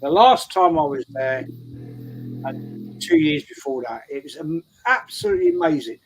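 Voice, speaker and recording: A man's voice: on the high side, big pitch swings, normal speed, poor audio. A man telling a rambling story in casual chat, repeating his words as he goes. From England. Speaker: show regular. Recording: faint background noise.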